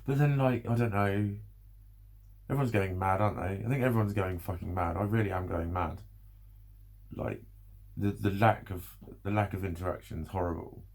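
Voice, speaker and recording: A man's voice: sits low, moderate pace, gravelly, darkish tone. A man, exhausted and rambling through an emotional personal vlog, swearing often and breaking into nervous laughs. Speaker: vlogger.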